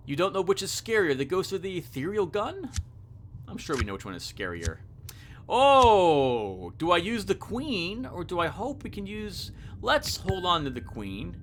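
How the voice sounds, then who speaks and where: A man's voice: sits high, sing-song, moderate pace, fairly bright tone, a little hiss or hum. A man playing a video game, reading its narration aloud and breaking off for chatty asides and self-corrections, over game music. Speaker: let's player. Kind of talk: reading game text and commenting.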